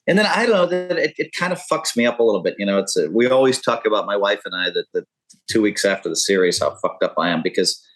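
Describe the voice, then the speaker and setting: Podcast guest, man in his fifties, deep-ish, talks in loose candid rambles. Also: expressive, fast, fairly bright tone, soft background music, low-quality recording. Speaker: podcast guest, poker pro. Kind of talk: casual interview talk.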